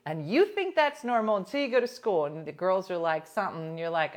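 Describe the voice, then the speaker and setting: Chatty woman host, low voice. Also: quick pace, few pauses. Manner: animated storytelling, imitates voices in anecdotes. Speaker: radio show host. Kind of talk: casual chat.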